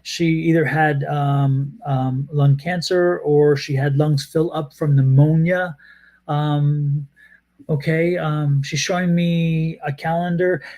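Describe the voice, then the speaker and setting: A man with a fairly high voice giving a live tarot reading. He rambles, stops and restarts, and repeats phrases as he goes. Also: steady tone, slow pace, darkish tone. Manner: rambling, repeats himself, many hesitations. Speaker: tarot reader.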